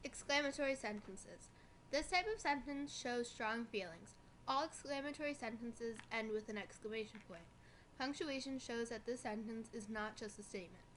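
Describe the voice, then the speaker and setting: A young woman reading a school presentation from notes, slowing down on the examples. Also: fairly high pitch, fairly bright tone, a little hiss or hum. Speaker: student presenter.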